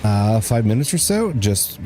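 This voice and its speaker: A man's voice: low voice, measured pace, warm tone, soft background music. A man streaming a game, chatting casually and joking, at times hamming up a bro voice. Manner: joking, slips into a mock bro voice. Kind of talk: casual gameplay commentary.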